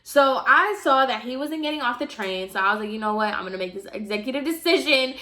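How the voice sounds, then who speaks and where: A young woman vlogger telling a personal story in a chatty, animated way, full of asides. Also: a little high, quick pace. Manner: chatty, animated, fillers like "mind you". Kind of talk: casual storytime.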